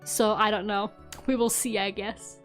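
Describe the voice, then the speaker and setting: A young woman streaming as a VTuber chats casually in an unhurried, medium-pitched voice with little pitch movement, giggling and swearing now and then. Faint game music plays behind her.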